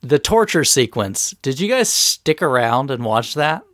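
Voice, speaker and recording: A man co-hosting a casual gaming podcast, retelling scenes with animated delivery. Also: mid-range voice, a little slow, no echo, clean studio sound. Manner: animated storytelling.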